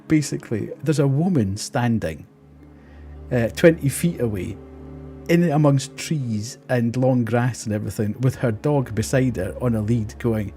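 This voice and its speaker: A man's voice: medium pitch, mellow. A man, streaming and telling an exasperated story in casual chat while laughing often.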